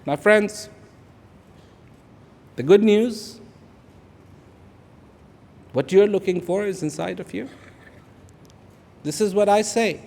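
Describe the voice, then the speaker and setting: A man in his fifties from India, speaking, gives an inspirational speech to an audience. He repeats phrases for emphasis and swings between hushed and loud. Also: high-pitched, takes it slowly, vocal fry, long pauses. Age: 50s. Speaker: public speaker. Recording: echoey large hall.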